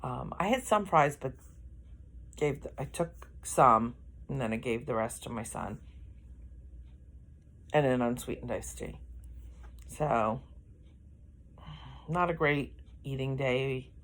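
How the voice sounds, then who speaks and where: A woman's voice: extremely low pitch, animated, slow pace, long pauses, a little hiss or hum. A middle-aged woman, chatting casually in a vlog, rambling and correcting herself as she goes, yawning often. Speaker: vlogger.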